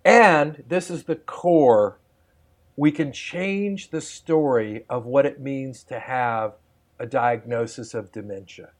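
A man guiding listeners through a poem line by line over a remote call, laughing easily as he talks. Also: mid-range voice. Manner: slow rhythmic line-by-line recitation, laughs easily. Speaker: poet demonstrating poetry sessions. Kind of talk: warm guided demonstration.

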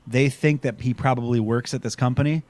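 A man's voice: mid-range voice, steady tone, brisk, darkish tone. A man co-hosting a podcast, recapping a TV episode in casual chat, rambling and sarcastic with lots of fillers. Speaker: podcast co-host.

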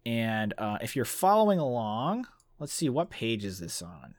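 Man, book podcast host, enthusiastic, very lively pitch, dry close sound. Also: measured pace, no echo. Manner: enthusiastic, reads passages aloud. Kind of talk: casual book discussion.

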